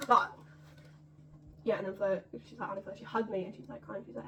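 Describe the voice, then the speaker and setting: Fast-chattering young Australian woman. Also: mid-range voice, steady tone, echoey room. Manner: rapid, rambling, full of "like". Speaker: vlog host. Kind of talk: casual chat. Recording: mic far off, noisy background.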